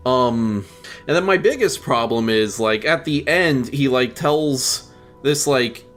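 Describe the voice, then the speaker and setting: A young man of middling pitch gives his take on a film in a halting, restarting way, with faint music under his voice. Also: lively intonation, a bit bright. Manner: hesitant, halting, with many likes and restarts. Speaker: podcast co-host. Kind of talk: casual movie review chat.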